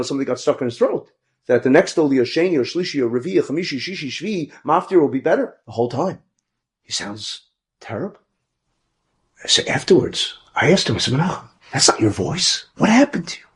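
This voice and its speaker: Male rabbi, storytelling lecture, mid-pitched, lively quoted voices. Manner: animated, voices quoted people with big pitch jumps.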